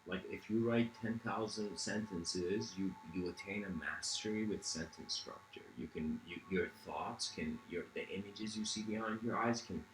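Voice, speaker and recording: A man's voice: on the low side, moderate pace, hardly any pauses, reverberant, faint music behind, low-quality recording. A man giving a reflective livestreamed lecture. He meanders, restarts often and says "you know" a lot.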